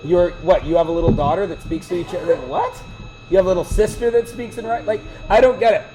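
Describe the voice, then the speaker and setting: A man's voice: high-pitched, fairly even intonation, fast, background noise. A man teaching math to a class, lecturing with chatty, joking side stories. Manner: chatty, digressive, joking asides.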